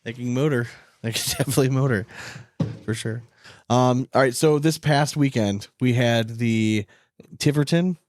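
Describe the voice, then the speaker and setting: A man's voice: mid-range voice, normal speed, dry recording. A man co-hosting a podcast in a laid-back, chatty way, laughing often. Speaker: podcast co-host. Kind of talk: casual chat.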